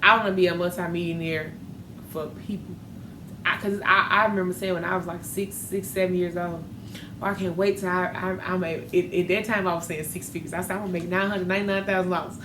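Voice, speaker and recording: Her voice is lowish and steady, her pace a little fast: a woman hosting a podcast, talking frankly and with energy about dating and faith. It's relaxed faith talk, recorded in an echoey room with faint noise.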